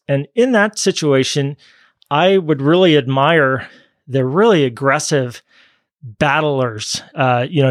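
Measured male physician, dry sound. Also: medium pitch, no echo. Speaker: physician guest. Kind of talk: podcast conversation.

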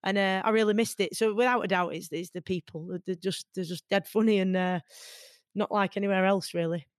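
A woman in her forties with a Mancunian accent, from Manchester, talking as an interview guest in an earnest, animated way. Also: mid-range voice, fairly quick, dry recording, clean studio sound. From Manchester, England. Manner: earnest and animated, many fillers. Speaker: guest, boxer. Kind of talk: conversational interview.

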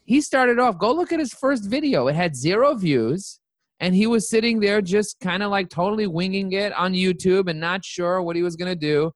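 A man's voice: sits high, normal speed, no echo. A man, a company CEO, telling stories as a guest in a casual interview, acting out the dialogue as he goes. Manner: animated, acts out quoted dialogue.

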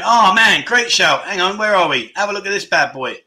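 Chatty, bright-voiced host. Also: male voice, high-pitched, lively intonation, normal speed. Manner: chatty, self-deprecating, rambling. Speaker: livestream chat show host. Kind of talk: casual livestream chat reading viewer comments.

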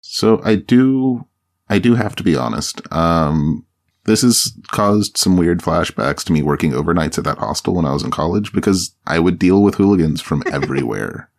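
Man in his 30s, podcast co-host, very deep, gravelly, dry reflective chat. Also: animated, normal speed. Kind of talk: casual chat.

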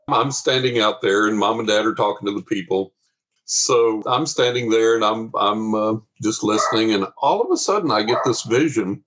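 Husky animated storytelling man. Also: fairly low pitch, low-quality recording. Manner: animated storyteller, acts out voices of people in his tale. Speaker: guest telling his paranormal story. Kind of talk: casual storytelling interview.

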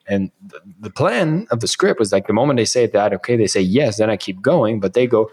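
A man in his thirties, a guest on a podcast, telling stories in a casual, animated way and acting out the lines people said to him. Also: lowish voice, fast talker, few pauses, slightly rough. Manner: animated, acts out quoted dialogue. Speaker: podcast guest, sales author. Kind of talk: casual interview storytelling.

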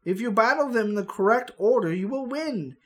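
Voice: medium pitch, lively intonation, brisk, fairly bright tone, pitched above the performer's own voice, natural voice. A podcast host reading out the lines of an old male wizard guide in a storybook, close to their own voice with a light mocking lilt. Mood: urgent.

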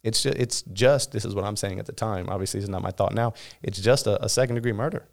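30s guy from california, low voice, rattles off his story fast, lots of "you know"s. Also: vocal fry. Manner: rapid, frequent "you know" fillers and restarts. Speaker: guest. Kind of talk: candid interview storytelling.

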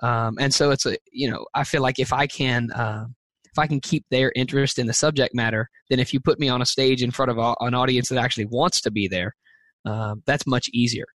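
A man's voice: mid-range voice, steady tone, brisk, fairly bright tone, no room sound. A man being interviewed as a teacher and speaker, answering earnestly and thoughtfully, with frequent fillers and restarts.

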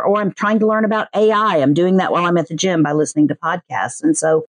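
A woman with a Southern US accent, a podcast producer chatting in an interview and slipping into quick voiced asides. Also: on the low side, no echo. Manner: chatty, animated, mimics other people's voices in quick asides. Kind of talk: casual interview chat.

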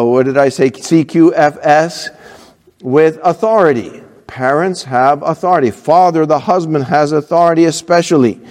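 Animated preaching pastor, man. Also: on the high side, in a large hall. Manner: animated preaching, acting out kids and parents. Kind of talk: sermon.

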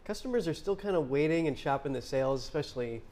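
A man anchoring a morning news show, chatting briskly with guests and his co-host. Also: a little high, animated, darkish tone. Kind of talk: live news desk chat.

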